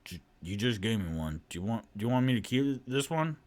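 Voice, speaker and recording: A man voicing a male barbarian fighter in a tabletop game, with a halting, stammering manner. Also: fairly low pitch, lively intonation, darkish tone, close to an everyday voice. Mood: unsure.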